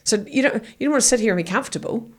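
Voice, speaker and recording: A woman's voice: fairly high pitch, lively intonation, racing. A middle-aged woman guest speaking bluntly and energetically, acting out little quoted exchanges as she talks. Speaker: guest, author and keynote speaker. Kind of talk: casual interview chat.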